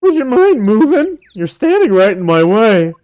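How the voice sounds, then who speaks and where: Brief: woman voicing a goofy young man, stammers and gushes, high-pitched. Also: sing-song, normal speed, dark tone, dry recording, dull audio. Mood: flustered. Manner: stammering and gushing. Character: goofy, flustered young man, lovestruck and dramatic. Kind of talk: fan dub of a game.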